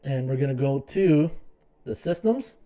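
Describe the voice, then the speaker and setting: A man's voice: mid-range voice, animated, unhurried, warm tone. A man hosting a live sports betting podcast, rambling through stats with many fillers and restarts, sometimes muttering to himself as he checks numbers.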